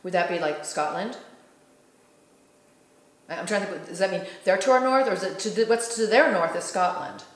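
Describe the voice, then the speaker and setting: A talkative woman host with a mid-pitched voice who muses out loud, laughs easily and slows down to sound out words one at a time. She is recorded in a noticeably roomy, echoey space. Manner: chatty, thinks aloud, laughs often, rereads slowly. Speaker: host reading spirit board messages. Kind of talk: casual chat.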